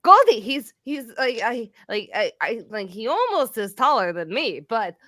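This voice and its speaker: A woman voicing a towering, exuberant half-orc woman who talks loudly and affectionately in a tabletop game. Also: fairly high pitch, sing-song, moderate pace, dry recording, clean studio sound, voice pushed down. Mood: eager introducing. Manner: loud, gushing and affectionate.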